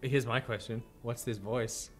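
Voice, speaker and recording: A man's voice: mid-range voice, steady tone, a little slow, soft background music. Playful man reading a game aloud. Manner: playful, jokey, laughs easily. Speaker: let's play host.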